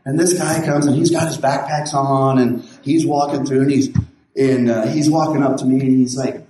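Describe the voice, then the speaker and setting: A man's voice: medium pitch, fairly even intonation, moderate pace, warm tone, slight background noise. A man who is a pastor, telling stories casually in a rambling, folksy way with many restarts. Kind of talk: casual storytelling. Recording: very echoey room.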